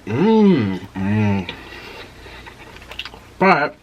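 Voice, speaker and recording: A man's voice: lowish voice, big pitch swings, extremely slow, dull audio, slight background noise. A man hosting a mukbang at home late at night, chatting casually to camera while chewing and eating between words. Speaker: mukbang host.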